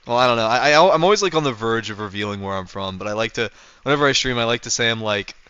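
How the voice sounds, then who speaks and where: A man's voice: mid-range voice, quick pace, sharp tone, clear, resonant tone, dry recording, dull audio. A man from North America chatting casually on a livestream, rambling with lots of fillers and restarts. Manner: rambling, full of fillers and restarts, chuckling often. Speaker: streamer.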